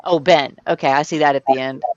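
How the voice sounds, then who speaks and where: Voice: mid-range voice, steady tone, brisk, no echo, dull audio. A livestream host chatting casually and thinking aloud while running the stream.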